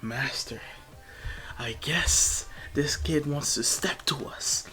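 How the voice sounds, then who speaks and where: Man voicing sneering young villain, quiet, low, menacing, slow, faint music behind. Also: animated. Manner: low, quiet, drawn-out taunting.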